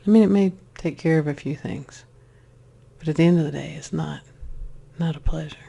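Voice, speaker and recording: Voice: mid-range voice, normal speed, creaky, husky. A spiritual speaker telling a personal story in a casual way, rambling with restarts and acting out voices. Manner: animated, acts out voices in the story.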